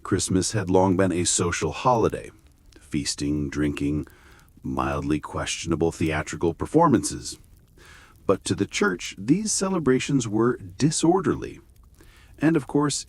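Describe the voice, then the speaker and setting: A man reading a scripted bedtime history story with wry, gently sarcastic humor. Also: low voice, big pitch swings, unhurried, dry recording. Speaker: narrator.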